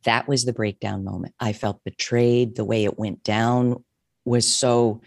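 A middle-aged woman, a therapist and coach, telling her own story in an interview, expressive and emotional, often restarting her sentences. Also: very deep voice, measured pace, no echo, studio quality.

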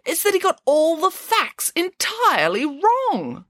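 A woman voicing a grand, bossy female pig nanny in an audiobook, pompous and exclamatory, swooping high on her outbursts. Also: wildly swooping pitch, unhurried, fairly bright tone, no echo, studio quality, heavily acted. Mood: scornful. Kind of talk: audiobook character voice.

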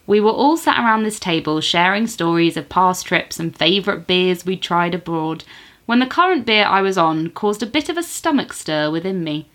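A woman co-hosting a podcast who chats casually and reads a listener's story aloud with animated, giggly delivery. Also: on the low side. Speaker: podcast co-host.

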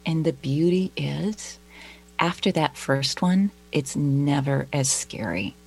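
A middle-aged woman speaking as a guest in a casual discussion, candid and animated. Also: low-pitched, slow, gravelly, slightly rough.

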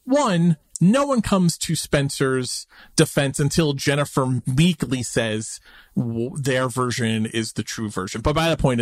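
Male podcast co-host, emphatic and animated, slightly high voice with lively pitch, dry close sound. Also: dry recording. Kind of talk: casual chat discussing a TV drama.

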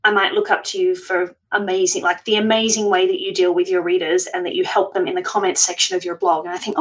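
A woman's voice: on the low side, fast, hardly any pauses, muffled recording. A woman guest on a podcast, talking in a chatty, self-deprecating way and laughing often. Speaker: podcast guest, food blogger. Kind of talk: conversational interview.

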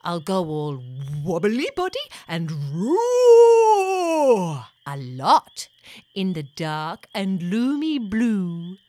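A woman voicing a playful, mud-loving young female ghost creature in a sing-song, squeaky storybook voice. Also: wildly swooping pitch, extremely slow, warm tone, dry recording, heavily acted. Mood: spooky. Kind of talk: storybook audio reading.

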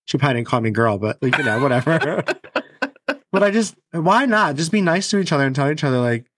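A man co-hosting a casual podcast, telling stories in a blunt, animated way. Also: on the high side, fast talker, no room sound, studio quality. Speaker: podcast co-host.

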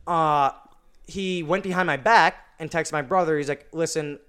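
Young male guest, smooth resonant voice pitched a touch high, rambling casual storyteller. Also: moderate pace, a bit bright. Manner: rambling, many "like" fillers and restarts. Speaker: podcast guest.

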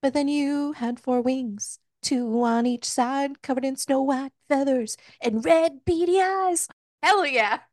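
A woman with a high, slow and slightly mellow voice hosts a book club podcast. She chats through a book recap casually, swearing and joking as she retells the story. The sound is clean studio audio without echo.

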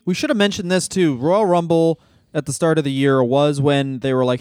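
A man co-hosts a comedy podcast with a fairly high voice, riffing in loose, profane chat. He keeps stopping to correct himself with quick asides. The sound is close and dry, with no room around it. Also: darkish tone, clean tone, no echo. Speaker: podcast co-host.

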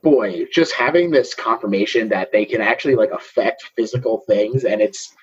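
A man's voice: lowish voice, normal speed, breathy edge. A man hosting a podcast, casually recapping a movie with jokes and frequent laughs. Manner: jokey, laughs often mid-sentence. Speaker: podcast host. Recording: dull lo-fi recording.

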